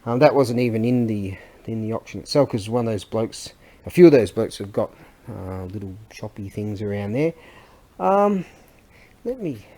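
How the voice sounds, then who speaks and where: A man's voice: lowish voice, animated, moderate pace, warm tone. A middle-aged man, chatting casually and rambling in a vlog, often losing his thread and laughing. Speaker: vlogger and antiques seller.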